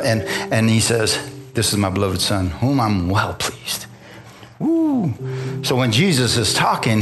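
A male preacher shares his testimony with a congregation. He tells it as a story, slips into the voices of the people in it, and keeps calling for an amen. His voice sits at an ordinary middle pitch, with faint music under it. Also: fairly bright tone. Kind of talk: testimony sermon. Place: church in front of a congregation.

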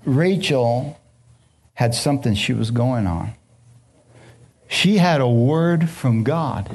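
A man's voice: medium pitch, a little mellow. A man preaching a sermon as pastor, telling stories and putting questions to his audience.

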